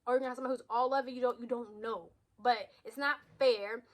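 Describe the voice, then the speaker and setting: A woman's voice: a little high, steady tone, fast talker. A woman in her thirties speaking candidly in a personal vlog, raw and emotional, blunt, with frequent swearing and restarts. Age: 30s. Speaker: vlogger.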